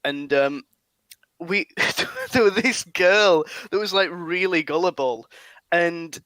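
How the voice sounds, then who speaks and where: A man's voice: high-pitched, expressive, takes it slowly, bright, forceful tone, dry recording. A young man from England, hosting a podcast and rambling through funny anecdotes, laughing often. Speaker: podcast host. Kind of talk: casual chat.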